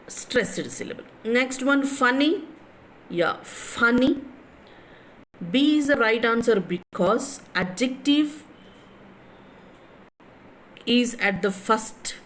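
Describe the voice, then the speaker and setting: Slow-speaking lecturer with a Telugu accent. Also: female voice, mid-range voice, a little hiss or hum, rough recording. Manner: slow, repetitive, drawn-out words. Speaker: college English lecturer. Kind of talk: classroom lecture.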